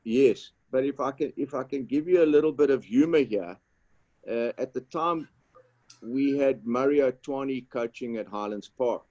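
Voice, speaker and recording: A man's voice: medium pitch, warm tone, no room sound, highs cut off. Brief: man telling a story on a video call, repeats words, dry close sound. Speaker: panelist, former footballer. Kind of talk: storytelling on an online panel.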